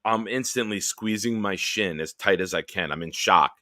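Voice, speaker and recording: Man, live stream host, lowish bright voice, profane animated storytelling, dry sound. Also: moderate pace, dry recording. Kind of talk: casual late-night storytelling.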